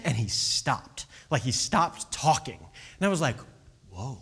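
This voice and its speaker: A high-voiced man tells a story in a loose, conversational way. His pitch swings widely as he acts out what people said. He keeps checking in with quick asides. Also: breathy edge. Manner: chatty, animated, fillers and "right?" asides. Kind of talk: casual storytelling talk.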